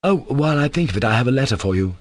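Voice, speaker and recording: A man voicing a timid, warm-hearted young man in an audiobook, speaking softly and earnestly. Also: mid-range voice, sing-song, moderate pace, breathy edge, no echo, clean studio sound. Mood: pleading. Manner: soft, pleading, earnest delivery. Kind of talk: audiobook character voice.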